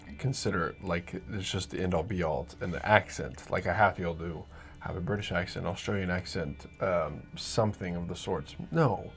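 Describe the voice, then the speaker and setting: A man's voice: low-pitched, normal speed, faint music behind. A man who co-hosts a podcast and runs tabletop games, talking casually and often adding "you know". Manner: conversational, leans on "you know". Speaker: podcast co-host and dungeon master. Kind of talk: casual chat.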